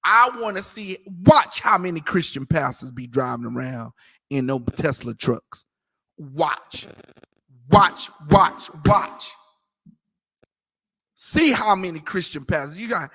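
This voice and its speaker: A man talking casually in a scripture class, animated and mocking, acting out the voices he quotes. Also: a little high, moderate pace, breathy edge, big-room sound. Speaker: class teacher.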